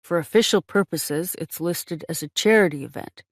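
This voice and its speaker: Woman narrator voicing a scheming rich man, sheepish, low voice, audiobook, dry close sound. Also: normal speed, no echo, close to an everyday voice. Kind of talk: audiobook character voice.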